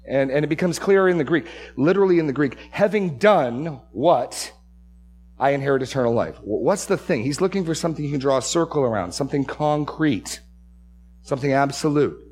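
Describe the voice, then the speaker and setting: A man's voice: on the high side, lively intonation, quick pace, a little mellow, a little hiss or hum. A man preaching an expository sermon as pastor. He stresses key phrases, repeats words and restarts his sentences.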